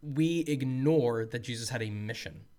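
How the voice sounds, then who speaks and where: Man, mid-pitched voice, earnest, emphatic, casual faith discussion, frequent restarts. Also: moderate pace, warm tone. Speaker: podcast co-host.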